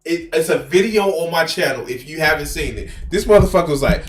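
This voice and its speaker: A man's voice: fairly high pitch, expressive, brisk. A man streaming and reacting to a video in casual, profane, incredulous commentary.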